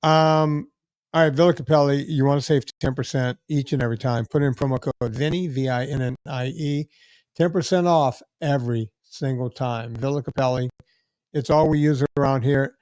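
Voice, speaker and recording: A man's voice: medium pitch, fairly even intonation, moderate pace, a little mellow, clean tone, no echo, clean studio sound. A man with a Louisiana accent hosting a podcast, talking bluntly and chattily and repeating his points for emphasis. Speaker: podcast host. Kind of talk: casual podcast chat.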